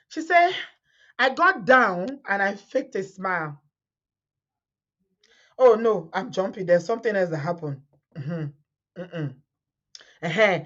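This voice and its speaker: A woman reads a story out loud and chats over it, laughing often as she goes. Her voice sits fairly high. The sound is dull and lo-fi. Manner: laughs often, breaks into giggling. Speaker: storytelling host reading viewer stories. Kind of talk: casual story reading with commentary.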